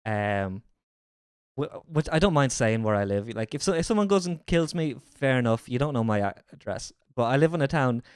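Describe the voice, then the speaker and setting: A streamer talks on a livestream in a rambling, jokey, often crude way. The voice bounces lively up and down, and it sounds dry and close. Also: medium pitch, moderate pace, clean tone, no room sound. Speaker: livestream host. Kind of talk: casual streaming chat.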